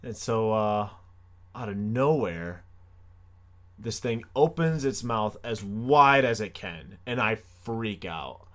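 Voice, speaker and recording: On his podcast, a young man with a fairly low voice tells a comic story at a slow pace. He's animated and self-mocking, tossing in sarcastic asides and swinging between hushed lines and excited outbursts.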